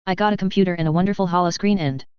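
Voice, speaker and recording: A woman voicing an excited, naive young male alien office worker, low and smooth in a slightly dull recording. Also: rapid-fire, no room sound, natural voice. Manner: excited, bubbly.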